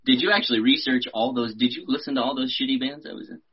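A man's voice: mid-range voice, fairly even intonation, fast talker, slightly rough, dull audio. A man from Texas, an actor and musician in his thirties, chatting casually on a podcast, laid-back, swearing and laughing often. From Austin, Texas.

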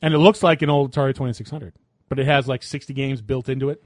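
A man's voice: mid-range voice, fairly even intonation, fast talker, no room sound, clean studio sound. A man co-hosting a podcast in casual chat, wry and matter-of-fact. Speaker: podcast co-host.

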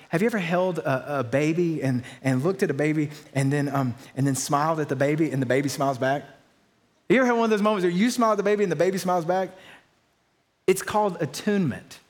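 A middle-aged man, a pastor, preaching a sermon with stories and self-deprecating humor that build to excited peaks. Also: high-pitched.

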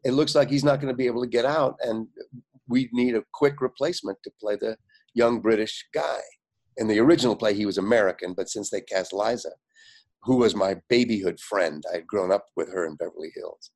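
Gravelly older man telling stories. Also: lowish voice, brisk. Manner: animated storyteller, quotes others in lively voices, frequent fillers and laughs. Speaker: guest. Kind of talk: anecdotal storytelling.

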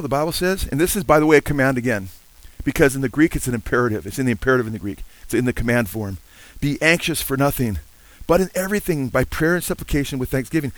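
An older man preaching with earnest feeling and frequent amens. He now and then breaks into hymn lines. His voice sits in a middle pitch, and the recording is dry. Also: no room sound, rough recording. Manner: sings hymn lines between teaching. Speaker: pastor. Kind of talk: sermon.

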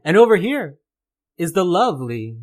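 A man's voice: high-pitched, big pitch swings, normal speed, a little mellow. A man hosting a casual weekly gaming podcast, joking and poking fun at himself. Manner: playful, self-mocking. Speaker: podcast host.

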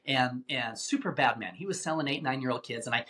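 A man telling a tense story as an interview guest, animated and given to repeating words as he talks. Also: medium pitch, a little fast. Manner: animated, acts out quoted voices, repeats words.

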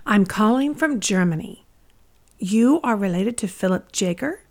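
A woman voicing an earnest, formal German woman on the phone in slow, careful phrases while reading a letter aloud. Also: medium pitch, expressive, darkish tone.

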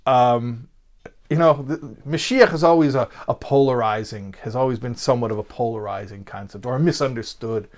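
A man's voice: medium pitch, fairly quick. A man teaching a Torah lesson in a conversational lecture style, with frequent fillers and restarts. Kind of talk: spoken lecture.

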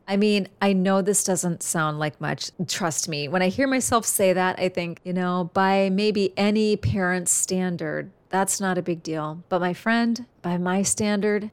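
A woman's voice: fairly low pitch, clear, resonant tone. Earnest encouraging woman podcast host. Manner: earnest and encouraging, addresses the listener as a friend. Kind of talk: heartfelt podcast monologue.

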